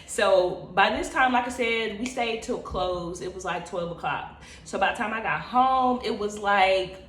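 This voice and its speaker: Animated, cussing woman telling a story. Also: mid-range voice, measured pace, roomy sound, a little hiss or hum. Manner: animated, expressive, profane. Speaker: vlogger. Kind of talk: casual storytime.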